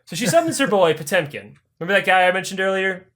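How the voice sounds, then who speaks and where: A young man tells history as a crude, rowdy comedy bit, cursing in nearly every sentence. His voice sits high and swings widely up and down as he talks. He acts out the people in the story as he goes. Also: fast talker. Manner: animated, swears constantly, acts out voices mid-story. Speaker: podcast host.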